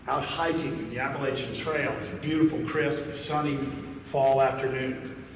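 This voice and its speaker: A man with a medium-pitched voice gives a talk in a large conference hall, telling stories in a folksy way and perking up when he reaches the joke. The recording carries slight hiss or hum and sounds distant, with echo from the hall.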